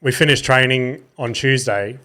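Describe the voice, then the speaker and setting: A sleepy Australian man in his thirties holds forth alone on his podcast at a middling pitch. He wanders from story to story, drops curse words casually and makes fun of himself. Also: normal speed, bright, forceful tone, clean tone. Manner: rambling, swears casually, self-mocking. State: tired. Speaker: podcast host.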